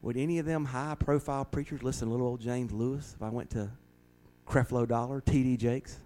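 A man's voice: mid-range voice, steady tone, a little fast, warm tone, poor audio. A man who is a pastor, earnestly leading a Bible study and often repeating words as he starts a thought.

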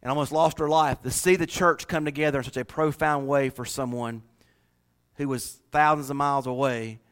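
A man's voice: mid-range voice, steady tone, moderate pace, a bit bright. A man from North Carolina with a Southern accent, preaching a folksy sermon to his congregation in church. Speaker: pastor.

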